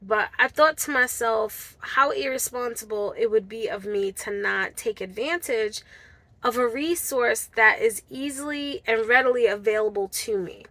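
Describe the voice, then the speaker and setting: Woman vlogger, bright and a little high, earnest personal story, dry close sound. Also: moderate pace, no room sound. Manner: earnest, heartfelt, addresses viewers as guys. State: tearful at times.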